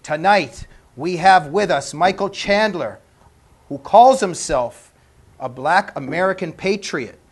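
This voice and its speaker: A man's voice: high voice, lively intonation, slow, slightly rough. A man from Canada hosting a panel talk show, joking and laughing often. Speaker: host.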